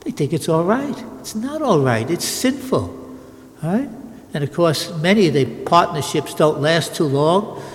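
A man's voice: on the high side, big pitch swings, unhurried, in a large hall, slight background noise. An older man, a Catholic priest, giving an emphatic sermon with repeated phrases and frequent restarts.

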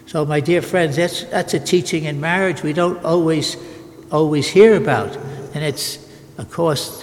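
A man's voice: a little high, a little mellow. Older male priest preaching in a reverberant church. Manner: emphatic, repetitive preaching with frequent restarts. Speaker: Catholic priest. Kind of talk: sermon.

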